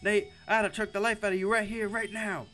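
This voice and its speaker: A man's voice: high voice, level tone, fairly quick, sharp tone, soft background music, voice pushed up. Man doing a screaming drill-sergeant teacher. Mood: interrogating. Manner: barking orders, insulting, commanding. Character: screaming foul-mouthed adult male drill-sergeant teacher. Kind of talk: visual novel voice acting.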